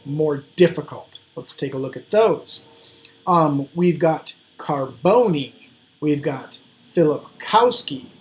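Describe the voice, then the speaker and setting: A male high school English teacher from the United States giving a slow, deliberate classroom video lesson with frequent ums.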